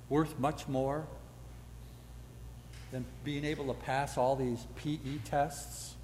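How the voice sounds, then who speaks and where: A man's voice: mid-range voice, darkish tone, long reverb tail, a little hiss or hum. An older man preaching a sermon as pastor, folksy and full of rhetorical questions.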